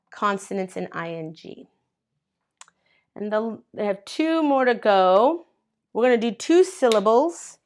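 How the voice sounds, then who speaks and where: A woman teaching an English grammar lesson to learners, patiently spelling out letters and clapping out syllables. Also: medium pitch. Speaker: ESL teacher. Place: at a board, writing in colors.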